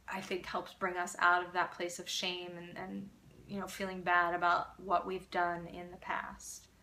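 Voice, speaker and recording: A middle-aged woman hosting a live parenting Q&A, answering viewer comments in an earnest, animated way. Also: lowish voice. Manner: earnest, animated, acts out children's voices.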